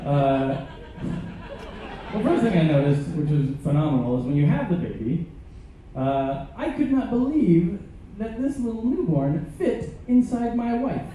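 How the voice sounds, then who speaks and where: A comedian and musician performs stand-up on the stage of a large ship theater, telling absurd jokes with hesitant fillers. His voice is fairly high, sing-song, unhurried and warm. His stage mic is picked up by a distant camera, giving an echoey, tinny audience recording with slight background noise.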